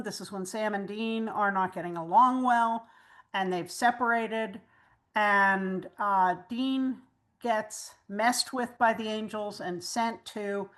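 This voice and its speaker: A woman with a fairly high voice hosts a relaxed fan conversation. She walks listeners through plot recaps at length in an explanatory way. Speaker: host. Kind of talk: casual chat.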